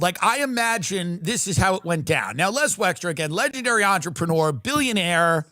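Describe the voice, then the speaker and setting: A man's voice: high-pitched, sing-song, fairly quick, sharp tone, dry recording. A man hosting a livestream, riffing through a sarcastic comedic rant. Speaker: livestream host.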